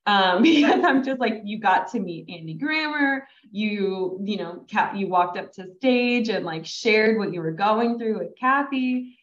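A woman's voice: unhurried, few pauses. Chatty woman host on an echoey, dull line. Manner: chatty and animated, jumps high when quoting herself. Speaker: podcast host. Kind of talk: casual conversation.

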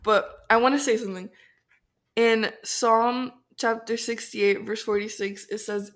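A congested young woman co-hosting a faith podcast, talking earnestly and excitedly in a casual, slangy way. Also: on the high side, a little slow. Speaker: podcast co-host.

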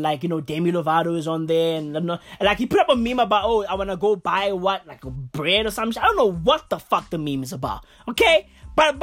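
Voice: mid-range voice, fairly bright tone. Heated, swearing vlogger mid-rant. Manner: heated, repetitive, stammering restarts, heavy slang and swearing. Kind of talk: casual profane rant.

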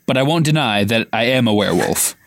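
A man reads a calm werewolf teacher, measured and patient. The voice lifts and falls in a lively way as he explains. The sound is close and dry. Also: mid-range voice, no echo, lightly acted.

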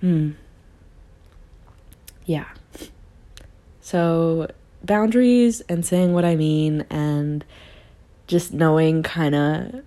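Slow and warm, a low-voiced young woman hosting a podcast muses aloud in a personal monologue, pausing often with fairly even intonation. She restarts her sentences and laughs easily along the way.

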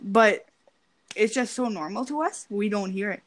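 A woman's voice: mid-range voice, normal speed. A young woman with a Canadian accent, chatting casually, hesitant and full of "like" fillers. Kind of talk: casual chat.

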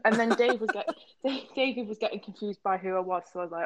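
A young woman from England chatting casually, giggly and quick-witted. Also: mid-range voice, dull audio, background noise. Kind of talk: casual chat.

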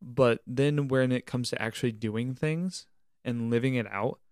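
A man's voice: mid-range voice, a little slow, a little mellow, no echo, clean studio sound. A young man co-hosting a podcast, talking earnestly about camp staff, leading by example and faith in everyday life. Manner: earnest, preachy, uses church wording. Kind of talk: casual reflective podcast chat.

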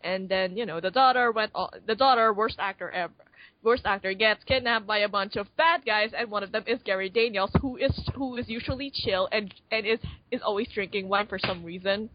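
A woman's voice: medium pitch, brisk, no room sound, highs cut off. A woman co-hosting a podcast, chatting casually about a movie, rambling with lots of fillers and restarts. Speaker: podcast co-host. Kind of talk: casual movie review chat.

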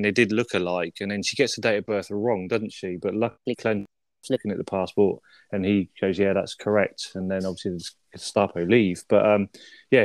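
A man's voice: on the low side, dry recording, clean studio sound. A man chatting casually as a film podcast co-host, often ending with tag questions and swearing now and then. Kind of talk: casual film review chat.

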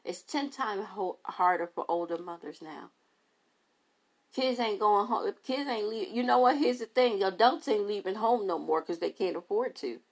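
A woman's voice: mid-range voice, moderate pace. A woman, a mother, talking casually and emphatically to her podcast listeners, repeating phrases for effect. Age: adult mother. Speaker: podcast host.

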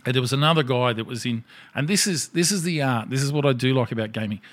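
Swearing, animated storytelling man. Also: medium pitch, fast. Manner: animated storyteller who acts out other people's lines, swears freely. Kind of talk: casual chat.

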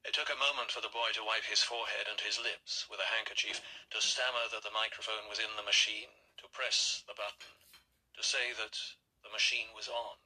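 A man narrates an audiobook in a quiet, measured way. His voice is husky, with a bright, tight edge to the tone. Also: fairly low pitch, fairly even intonation, rough recording. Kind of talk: scripted narration.

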